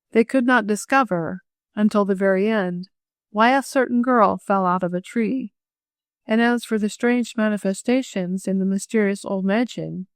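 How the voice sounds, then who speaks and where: A woman reading a classic children's novel aloud as an audiobook narrator, clear and measured. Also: mid-range voice, no room sound, studio quality.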